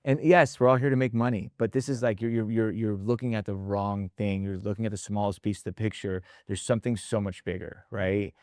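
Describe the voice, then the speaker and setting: A man talking casually in a podcast conversation, telling animated stories, acting out quotes and tagging his points with "right?", with some mild swearing. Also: on the low side, brisk, hardly any pauses, no echo, clean studio sound. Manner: animated storyteller, acts out quotes, tags lines with "right?". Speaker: restaurant leadership founder and host.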